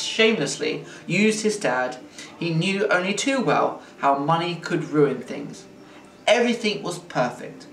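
Man, storybook read-aloud, expressive and playful, echoey room, mic far away, faint hiss. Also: on the high side. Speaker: teacher reading to children.

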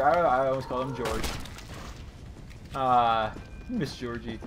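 A young man giving casual, jokey let's-play commentary, bursting into excited shouts, with his voice over the game audio. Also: mid-range voice, a little slow, pauses often, slight background noise. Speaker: gaming commentator. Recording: voice over loud game sounds. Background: game sounds, horse hooves.

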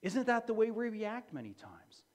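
A man's voice: high voice, sing-song, moderate pace. A man preaching a sermon as pastor, emphatic and repeating key phrases for effect.

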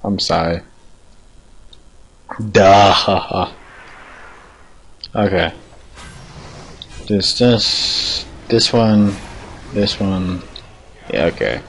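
A man giving casual, rambling gameplay commentary, self-deprecating and chuckling often. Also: on the low side. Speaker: gaming video creator.

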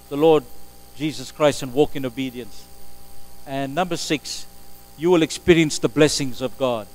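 A man preaching a sermon as pastor, emphatic, moving between loud exclamations and quiet asides. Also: on the high side, unhurried, long pauses, rough recording. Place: church sanctuary. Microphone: live stream recording.

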